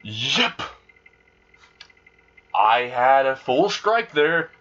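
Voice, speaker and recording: A man's voice: medium pitch, big pitch swings, very slow, fairly bright tone, heavily acted. A man voicing a cold, threatening teenage male student who talks bluntly and mockingly, on a dull lo-fi recording.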